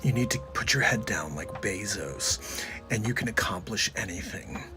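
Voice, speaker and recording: A man doing a comic impression of a driven male retail billionaire giving a slow, emphatic pep talk. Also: lowish voice, expressive, over music, natural voice. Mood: motivating. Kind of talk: comedic celebrity impression.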